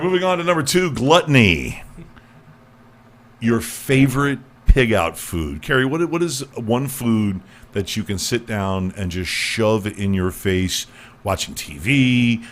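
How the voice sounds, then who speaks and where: A man hosting a comedy podcast, stammering and repeating words as he jokes crudely with his guests. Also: medium pitch. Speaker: podcast host. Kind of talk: loose comedic podcast banter.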